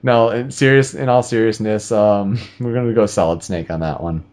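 A man's voice: lowish voice, moderate pace, a little mellow. Joking man hosting a podcast. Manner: joking, laughs often. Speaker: podcast host. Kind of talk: casual gaming podcast chat. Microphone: video call.

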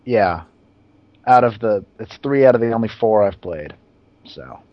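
Low-voiced man, dry dull mic. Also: expressive, unhurried, no room sound. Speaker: podcast co-host. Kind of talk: casual gaming podcast chat.

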